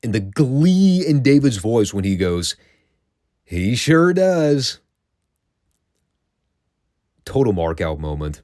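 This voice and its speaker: A man's voice: lowish voice, lively intonation, normal speed, hardly any pauses, warm tone, no echo, clean studio sound. A man hosting a classic wrestling review show, recapping matches in a wry, sarcastic, casual tone and swearing freely.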